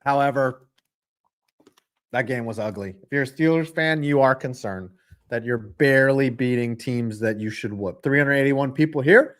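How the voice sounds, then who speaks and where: A young man hosting a live football reaction stream, ranting with lots of swearing and calling plays with sudden bursts of excitement. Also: mid-range voice, moderate pace. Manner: profane, ranting, jumps into excited play calls.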